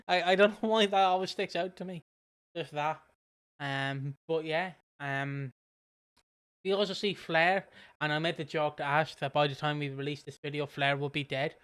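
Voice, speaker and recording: A man's voice: a little high, steady tone, moderate pace, a bit bright, smooth. A man co-hosting a casual podcast, rambling and joking with lots of fillers and swearing. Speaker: podcast co-host. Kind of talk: casual chat.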